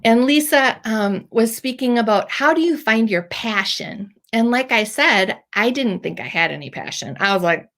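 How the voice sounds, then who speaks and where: Middle-aged woman, slightly high voice, heartfelt testimony, emotional, rambling. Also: lively intonation, moderate pace, hardly any pauses, a bit bright. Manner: emotional, teary at times, rambling with fillers. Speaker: podcast host telling her story. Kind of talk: personal testimony.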